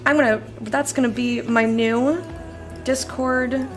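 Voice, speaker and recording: Sounding sleepy, a woman with a fairly high voice and fairly even intonation takes her time, soft music playing behind her. She chats and rambles on a live stream, laughing often as she reads chat aloud and replies.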